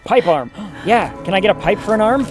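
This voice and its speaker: High-voiced sarcastic male game streamer. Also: lively intonation, brisk, over music. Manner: sarcastic, joking asides to viewers. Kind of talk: live gameplay commentary.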